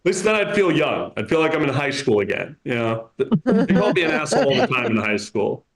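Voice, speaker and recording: A man's voice: medium pitch, big pitch swings, a little fast. A man in his thirties performing a stand-up comedy set in a club, with a dry, self-mocking delivery. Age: 30s. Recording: roomy club echo.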